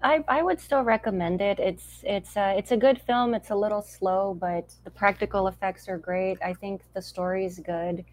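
A woman guesting on a casual live-stream chat, halting and self-deprecating, tripping over her words. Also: mid-range voice, no room sound, poor audio. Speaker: guest horror reviewer.

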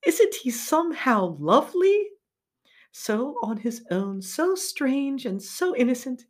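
A woman voicing an aristocratic lady lover, speaking softly and tenderly in a raised, lilting voice. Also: high-pitched, very animated, takes it slowly, voice pushed up, full character voice.

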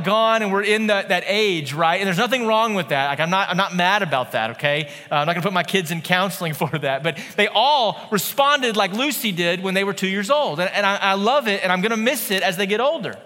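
A man in his thirties preaching a sermon in a church, conversational and animated, with playful asides. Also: high voice, long reverb tail. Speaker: pastor.

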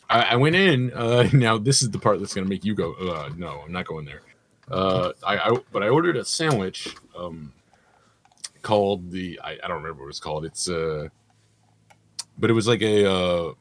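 Husky low-voiced blunt man. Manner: blunt, swearing, laughs often. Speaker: podcast co-host. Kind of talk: casual chat.

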